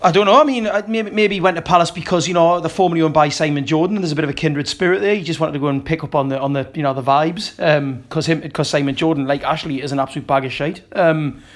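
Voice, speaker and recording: A man talks quickly and scornfully as a podcast guest, swearing freely. His voice sits fairly high for a man, and he rattles on at a rapid clip. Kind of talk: casual football podcast chat.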